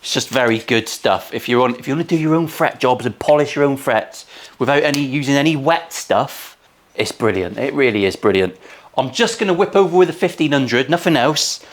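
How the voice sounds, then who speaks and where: A man's voice: mid-range voice, expressive, brisk. Bloke in his 40s working on a guitar in his workshop, cheeky, sweary jokes thrown in. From England. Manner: cheeky, sweary, crude asides. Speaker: luthier. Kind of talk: casual workshop commentary.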